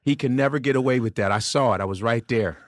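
A man guest on a podcast, a comedian telling profane, animated stories in casual chat and putting on voices of the people in them. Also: mid-range voice, quick pace, no room sound, clean studio sound.

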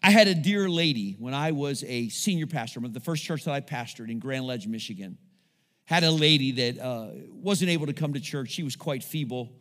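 This pastor has a medium-pitched, expressive voice with a fairly bright tone, speaking at normal speed in a large hall. Preaching in the church sanctuary, he calls out to the congregation and seeks their responses as he goes.

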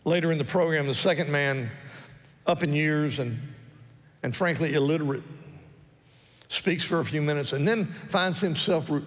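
A man's voice: fairly high pitch, moderate pace, pauses often. A male pastor preaching a sermon earnestly and repeating his key phrases for emphasis. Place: church sanctuary. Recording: long reverb of a church hall.

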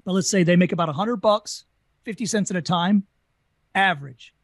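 A Southern US man tells carnival stories in a quick, animated interview voice. His pitch sits high for a man. The sound is dry and close. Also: no echo. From Southern United States. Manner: fast, animated talker. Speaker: guest, former carnival talker. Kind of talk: casual storytelling interview.

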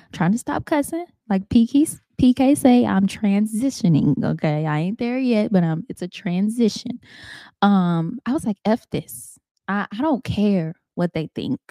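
Candid young woman podcaster, dark dry voice. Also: lowish voice, dry recording. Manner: candid, faith-filled, emotional, conversational with "y'all" and "like". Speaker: podcast host. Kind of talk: solo reflective podcast talk.

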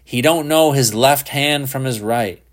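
A defiant delinquent boy snarls and hisses his accusations, slow and venomous, pitched well above the reader's low voice, as a man puts him on. He sounds like a storybook troublemaker with a bitter grudge. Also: a bit bright.

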